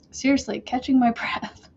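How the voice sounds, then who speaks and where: A woman's voice: high voice, mellow, husky, dull audio. A woman hosting a casual crochet livestream from her chair at home, chatty and giggly, a bit out of breath as she talks to viewers. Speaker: crochet channel host.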